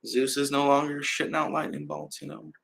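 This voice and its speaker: A man's voice: fairly high pitch, level tone, fairly quick, creaky, a bit bright, faint music behind, poor audio. A young man, hosting a casual live stream and rambling loosely with fillers and trailing laughs. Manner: many fillers and restarts.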